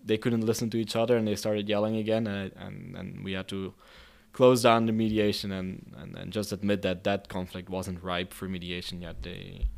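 Hesitant low-voiced man explaining mediation. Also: little pitch movement, moderate pace, vocal fry, hardly any pauses. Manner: hesitant, many restarts and fillers. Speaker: interview guest, mediator. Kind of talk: conversational interview answers.

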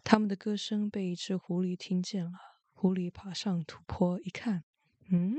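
A woman hosting a show and reading a bedtime story aloud in a gentle, expressive way. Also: lowish voice, normal speed, dry recording. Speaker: host and storyteller.

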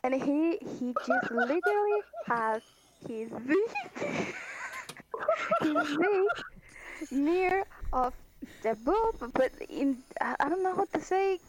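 Slow, high-voiced woman. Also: slight background noise, rough recording. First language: Spanish. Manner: animated storytelling, heavy swearing, searches for English words. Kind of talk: casual chat.

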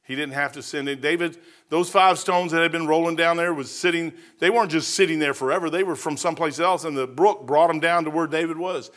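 Folksy preacher man, bright and forceful. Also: a little high, fairly quick. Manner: folksy storytelling, swings from hushed to shouting; says "man" often. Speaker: pastor. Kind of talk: sermon.

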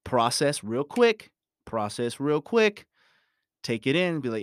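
A man delivers an emphatic motivational talk and drives his points home by repeating them. His pitch swings widely and expressively. The recording is dry, with no room echo. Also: big pitch swings, slow pace. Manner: repetitive, emphatic, preachy. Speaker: motivational speaker.

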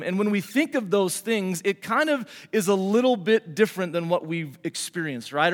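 Man, pastor, conversational sermon, rhetorical questions, high voice. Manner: conversational preaching, rhetorical questions, calls for amen. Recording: hall reverb.

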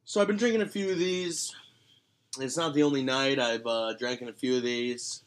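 A man's voice: medium pitch, moderate pace. A man co-hosting a casual podcast, joking and rambling with fillers and restarts. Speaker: podcast co-host.

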